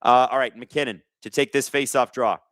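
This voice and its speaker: A man's voice: medium pitch, steady tone, moderate pace, a bit bright, dry recording. A man hosting a live hockey watch-along, chatting with viewers and calling the plays. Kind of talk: casual live-stream hockey commentary.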